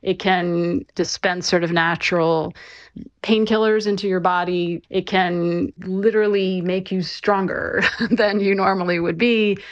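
A woman who is an author, giving conversational interview answers and explaining things clearly, with casual fillers. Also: fairly low pitch, steady tone, a little slow, no echo, highs cut off. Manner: conversational, clear, with frequent fillers like "you know" and "right".

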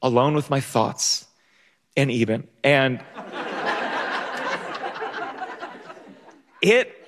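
A young man telling a self-mocking story live on a theater stage, animated and jumping into loud outbursts. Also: medium pitch, extremely slow, pauses often, background noise. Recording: long hall reverb.

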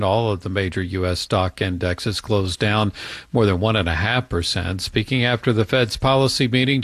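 A male news anchor reads the bulletin in a measured, even cadence. His voice sits fairly low, and the studio sound is dry and close. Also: no room sound. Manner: measured, even newsreader delivery. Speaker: newscast anchor. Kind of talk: scripted news reading.

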